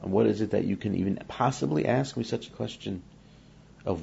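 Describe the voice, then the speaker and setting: A man's voice: on the low side, a little fast, gravelly, mellow, dull audio, a little hiss or hum. A man teaching a scripture lesson, reading Hebrew verses and explaining each one in English while acting out the speakers in the text. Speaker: Torah teacher.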